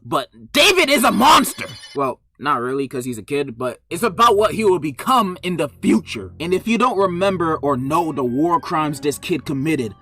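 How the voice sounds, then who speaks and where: A sharp, bright-toned young woman riffs sarcastically in a comedic reaction, her pitch leaping all over the place as she slips from muttered asides into shouted mock outrage. Faint music plays underneath her voice. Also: breathy edge. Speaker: reaction video host. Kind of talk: comedic book reaction commentary.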